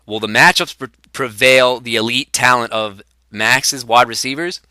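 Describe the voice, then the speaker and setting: A man's voice: medium pitch, moderate pace, few pauses, sharp tone, clear, resonant tone, dry recording. A young man hosting a comedy sports show with casual analysis and fillers. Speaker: host.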